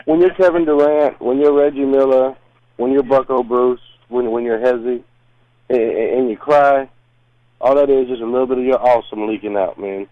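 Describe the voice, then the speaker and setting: A man's voice: mid-range voice, fairly even intonation, moderate pace, no room sound, phone-quality sound. A man co-hosting a casual sports talk radio show, laid-back and encouraging.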